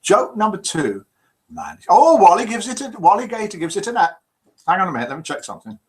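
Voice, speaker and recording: A man over fifty hosts a live call-in show, his pitch swinging up and down as he jokes along. He reads out viewers' messages in a voice sitting a little high for a man. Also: very animated, fast talker. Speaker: host.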